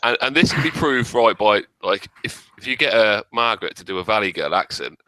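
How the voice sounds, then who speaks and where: A man chats in a quick, rambling flow, swearing freely as he goes. His pitch swings about a lot, and his tone is bright and a little forceful. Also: animated, dry recording, poor audio. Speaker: guest. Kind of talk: casual chat.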